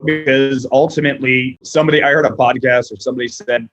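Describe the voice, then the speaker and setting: A man in his thirties chatting casually as a podcast guest, telling animated stories and quoting people in voices. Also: medium pitch, quick pace, few pauses, dull audio. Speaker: podcast guest, restaurant owner.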